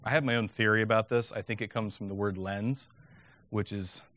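A man's voice: on the low side, fairly even intonation, brisk, a bit bright, no echo. A man giving a lecture on teaching Latin, talking conversationally and often checking in with "okay?".

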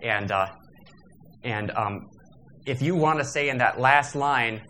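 A man's voice: medium pitch, takes it slowly, sharp tone, a little hiss or hum, rough recording. A man lecturing teachers about poetry and meter, talking in a thoughtful way with frequent restarts.

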